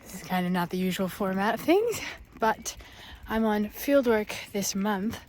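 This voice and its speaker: A woman's voice: medium pitch, measured pace, a little mellow. A young woman chatting casually on a book vlog, a little out of breath, rambling and joking at herself while outdoors in grassy countryside. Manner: rambling, chatty, self-deprecating. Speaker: book vlogger. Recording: outdoor phone recording with noise.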